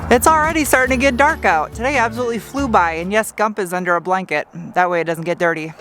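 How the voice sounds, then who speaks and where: A woman's voice: mid-range voice, quick pace. Young woman under a truck in the garage, joking around, talking to herself, music going in the back. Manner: chatty, joking, talks to herself while working. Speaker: car restoration vlogger. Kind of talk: casual workshop narration.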